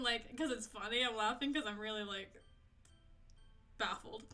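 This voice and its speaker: Excitable, bright-voiced young woman streamer. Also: fairly high pitch, moderate pace, pauses often. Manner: excitable, swears and laughs often. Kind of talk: live gameplay commentary. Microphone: desk mic, no camera.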